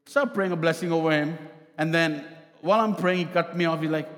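A man's voice: fairly high pitch, quick pace, fairly bright tone, some chatter behind. Storytelling male pastor in a reverberant hall. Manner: storytelling, acting out both sides of a conversation. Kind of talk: sermon. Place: church hall.

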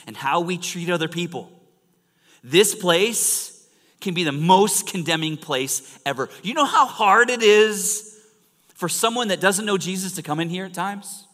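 A man preaching a sermon in a church, animated and storytelling, swinging from loud emphasis to hushed near-whispers. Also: high-pitched. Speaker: pastor. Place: church sanctuary. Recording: long reverb of a large church hall.

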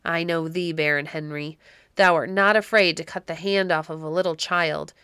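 A woman's voice: on the low side, normal speed, fairly bright tone, smooth, no echo, studio quality. A woman voicing a grim, proud middle-aged knight in a storybook reading, speaking in solemn old-fashioned words. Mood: defiant. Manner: solemn old-fashioned speech, bold challenges.

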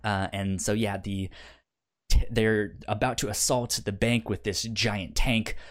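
A man co-hosting a podcast runs through a TV series in casual conversation, his voice fairly low with a level tone. He stammers and repeats syllables frequently, swears freely, and acts out what characters say in fast quoted bursts.

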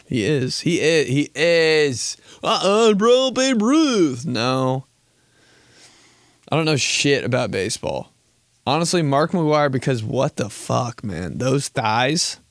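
A man's voice: mid-range voice, big pitch swings, unhurried, vocal fry, no room sound. Rambling, profane young guy. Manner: rambling, profane, self-mocking, full of "like" and laughter. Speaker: podcast host. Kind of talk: casual comedic storytelling.

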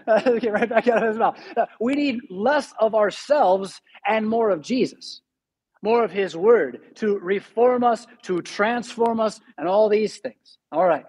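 A man, a pastor, preaching a conversational sermon and reading scripture slowly and with emphasis. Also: sits high, a little mellow, breathy edge.

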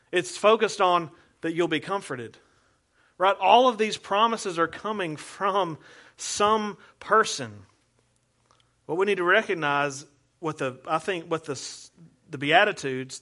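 A man's voice: high-pitched, sharp tone. A male pastor preaching a sermon in an earnest, conversational way, asking the congregation rhetorical questions.

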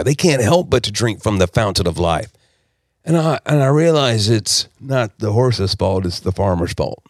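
Animated low-voiced man. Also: no echo, studio quality. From South Texas. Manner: animated, emphatic storyteller. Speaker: podcast guest. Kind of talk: personal storytelling testimony.

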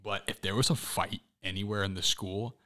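A young man hosts a podcast in casual chat. His voice is bright and forceful, and he tells stories with animated, excitable energy. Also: fairly low pitch, moderate pace. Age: young adult. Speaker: podcast host.

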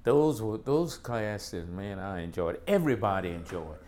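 An older man from the South, recounting school memories as an animated storyteller who keeps saying "boy" and "man". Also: on the low side, unhurried, slight background noise. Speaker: interviewee recalling school days. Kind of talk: casual storytelling interview.

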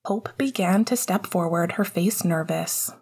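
A woman narrating a novel chapter in a low, breathy voice. Her delivery is soft and often slips into a near whisper. The reading feels close and quiet. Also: unhurried. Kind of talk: audiobook reading of fiction.

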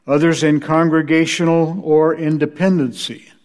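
A man's voice: fairly high pitch, level tone, moderate pace, darkish tone. A male preacher giving a church history lecture, telling anecdotes with dry humor. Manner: dry, wry storytelling.

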